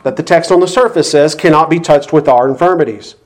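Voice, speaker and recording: Preaching an expository sermon to his congregation, a male pastor teaches earnestly and uses emphatic repetition to hammer home each point. His voice runs a little higher than usual for a man, and he speaks a little fast.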